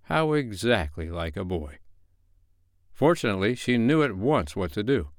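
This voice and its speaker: Expressive male storyteller, lively reading. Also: fairly low pitch, normal speed, no room sound, clean studio sound. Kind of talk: audiobook narration of a classic novel.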